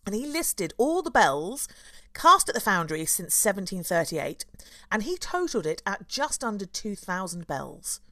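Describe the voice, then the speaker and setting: A woman from London, a tour guide hosting a casual chat, playful and quick to laugh. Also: medium pitch, big pitch swings, pushed and bright, no room sound, clean studio sound. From London, England. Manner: chatty, playful, laughs often.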